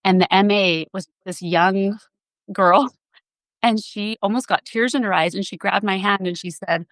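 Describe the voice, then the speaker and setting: A woman's voice: mid-range voice, moderate pace, fairly bright tone, no echo, poor audio. A woman physician assistant, a podcast guest, telling a personal story in an earnest, emotional way.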